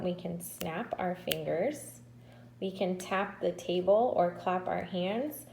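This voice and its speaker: Woman, kindergarten teacher, unhurried patient delivery, roomy echo. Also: on the low side, warm tone. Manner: slow, patient, drawn-out syllables. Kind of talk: recorded remote lesson to children.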